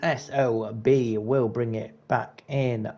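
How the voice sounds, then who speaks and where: A man giving casual live commentary on a sim racing event, chatty and excitable at close battles. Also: mid-range voice, takes it slowly. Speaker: race commentator.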